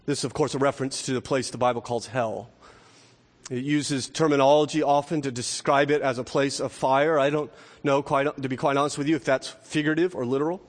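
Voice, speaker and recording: A man preaching a sermon as pastor, impassioned, rising to shouts when he quotes. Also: mid-range voice, fairly even intonation, fairly quick. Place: church sanctuary. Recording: reverberant hall.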